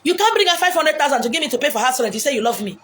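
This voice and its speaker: A woman with a Nigerian Igbo accent giving blunt, forceful relationship advice outdoors, mixing English, Pidgin and Igbo. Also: high voice, expressive, racing. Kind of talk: outdoor monologue. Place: beach outdoors.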